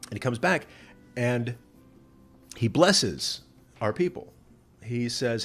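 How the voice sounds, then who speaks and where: A man's voice: medium pitch, expressive, takes it slowly, pauses often, soft background music. A man who is a rabbi, retelling scripture casually with humor and many fillers.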